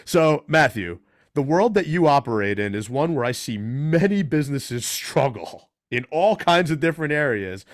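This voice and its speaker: A man hosting a radio talk show, mid-pitched and close to the mic in a dry room. He tears through a long introduction, then breaks off for playful side comments. The energy is upbeat and chatty. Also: no echo. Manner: lively, joking asides while reading a long introduction. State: out of breath.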